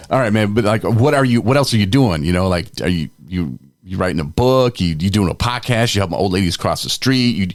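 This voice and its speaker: Podcast co-host, young adult man, deep voice, dry close sound, candid storyteller who acts out quotes. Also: animated, fairly quick, no room sound. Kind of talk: casual chat.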